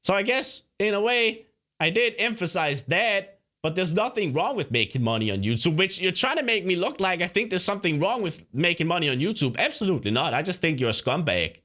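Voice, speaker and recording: A man's voice: high-pitched, big pitch swings, a little fast, bright, forceful tone. A young man hosting a reaction video, talking back at a clip in an indignant, sarcastic way. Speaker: YouTuber host. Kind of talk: reaction commentary.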